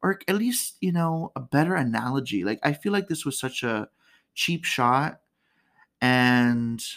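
A woman's voice: extremely low pitch, expressive, a little slow, fairly bright tone. A woman hosting a casual comedic commentary, chatty and candid, laughing often. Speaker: podcast host.

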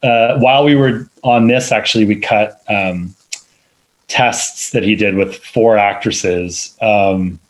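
A man's voice: on the low side, fairly even intonation, slow, rough recording. A man, a film editor, talking casually in an interview, rambling with many fillers and restarts. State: parent of two little kids.

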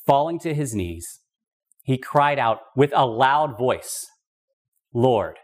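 A man's voice: medium pitch, animated, slow, long pauses. A man teaching a podcast Bible study in an emphatic, conversational way, with casual asides. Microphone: podcast microphone.

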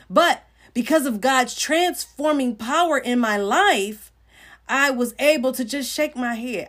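A middle-aged woman giving an informal sermon on a livestream, talking earnestly and conversationally to viewers and greeting them by name. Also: on the high side. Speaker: Christian livestream host.

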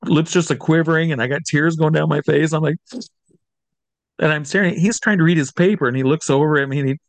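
A middle-aged man from Iowa, an entertainer telling a lively anecdote and acting out the people in it. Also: a little high, fast, gravelly, dry recording. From Iowa, USA. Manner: lively storyteller who acts out the people he quotes. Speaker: entertainer guest. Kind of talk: animated anecdote.

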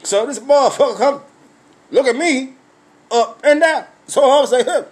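A man telling a profane comic story as a rant, loud and repetitive, acting out his own confrontations. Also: very high voice, moderate pace.

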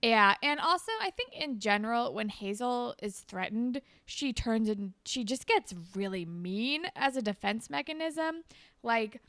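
Gravelly woman podcast co-host, chatty. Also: a little high, expressive, fairly bright tone, no echo. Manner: rambling, fast, lots of "like". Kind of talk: casual chat.

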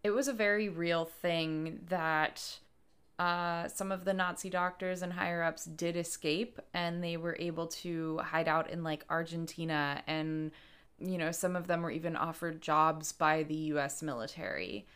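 A woman's voice: deep voice, steady tone, a little slow, fairly bright tone, clear, resonant tone. A woman co-hosting a podcast, explaining film background in casual chat. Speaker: podcast co-host.

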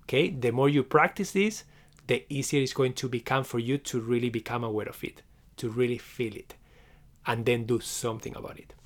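A man hosting a live session as a meditation teacher, speaking gently and encouragingly, often checking in with "okay?" and restarting his phrases. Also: mid-range voice, fairly quick. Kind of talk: live stream closing talk.

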